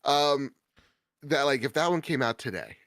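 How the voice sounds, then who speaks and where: A man in casual podcast chat, telling stories in an animated way and jumping into quoted voices. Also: medium pitch, quick pace, no room sound, studio quality.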